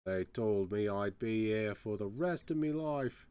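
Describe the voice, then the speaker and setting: A man's voice: on the low side, expressive, measured pace, dark tone, clean tone, dry recording. A man voicing a bitter old male sailor locked in a cell, grumbling in a put-on with archaic speech. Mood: sly.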